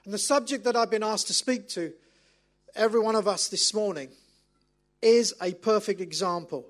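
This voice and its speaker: High-voiced preacher telling stories. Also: male voice, normal speed. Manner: animated, self-mocking storyteller. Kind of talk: storytelling sermon.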